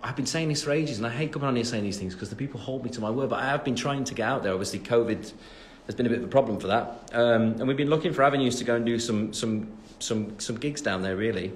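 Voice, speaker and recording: A man's voice: mid-range voice, fast, hardly any pauses, slight background noise. Rambling young English man on a livestream. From England, West Midlands. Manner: chatty and rambling, reads out fan questions, many ums. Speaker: singer answering fans on a livestream. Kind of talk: casual live-stream Q&A.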